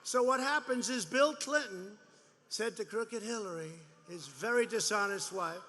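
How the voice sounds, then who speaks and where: Older man rambling at a rally, very bright. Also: sits high, measured pace, big-room sound. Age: 70s. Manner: rambling, boastful and mocking, with repeated phrases. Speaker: politician speaking at a rally. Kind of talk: campaign rally speech. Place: large rally venue.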